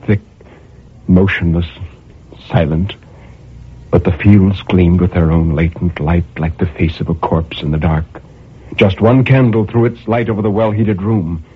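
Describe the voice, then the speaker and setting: A man with a low, husky voice reads a grim first-person tale in a brooding, intense, measured way. His pitch rises and falls with lively expression. The audio is thin and phone-like. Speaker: narrator. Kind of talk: dramatic story reading.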